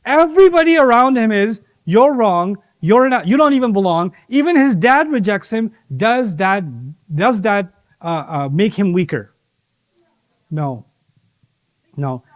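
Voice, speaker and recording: Animated, high-voiced male preacher. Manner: animated, asks rhetorical questions and acts out voices of others. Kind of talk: sermon to young people.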